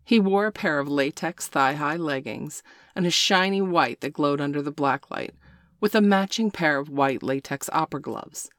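A woman narrating a scripted erotic story in a steady, unhurried reading voice. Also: low voice, dry recording, studio quality.

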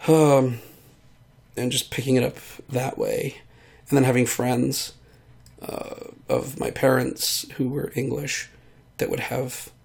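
A man's voice: mid-range voice, little pitch movement, takes it slowly, creaky, a little mellow, husky. A man who is sick, rambling in a casual monologue and trailing off with many fillers. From United States. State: sick, voice hard to control. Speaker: vlogger.

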